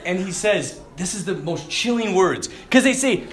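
A man's voice: high-pitched, lively intonation, moderate pace, hardly any pauses. A man, a priest, giving an informal, joking retreat talk, laughing often as he preaches. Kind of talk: informal sermon.

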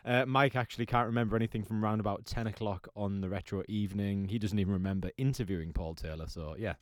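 A man's voice: lowish voice, fairly even intonation, fast talker, no room sound, clean studio sound. A man hosting an internet radio show, talking in a rambling casual way. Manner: rambling, with restarts and fillers. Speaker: radio host.

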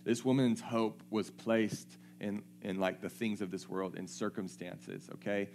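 A man's voice: fairly low pitch, steady tone, a little slow, creaky, darkish tone, slight background noise. A man preaching a sermon, reading scripture aloud and checking in with his listeners in a conversational way.

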